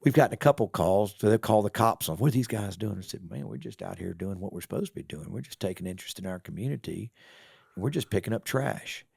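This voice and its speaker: Folksy man, gravelly voice. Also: fairly low pitch, fast talker, dry recording, clean studio sound. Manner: folksy, animated storyteller acting out quoted voices. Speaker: business owner and real estate developer. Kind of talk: casual storytelling in a podcast interview.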